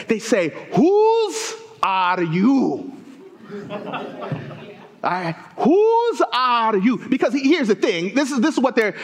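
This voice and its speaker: A man from Southern Africa preaching a sermon, telling funny stories to the congregation with wide swings in pitch. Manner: animated, storytelling with jokes to the congregation; lively pitch swings, rising high for emphasis.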